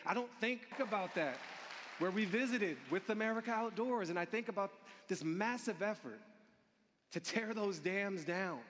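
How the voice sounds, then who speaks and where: A man's voice: high-pitched, a bit bright. A man giving an earnest, rousing speech on a theatre stage. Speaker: speaker at a gathering. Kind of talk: inspirational speech. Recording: echoey theatre with crowd.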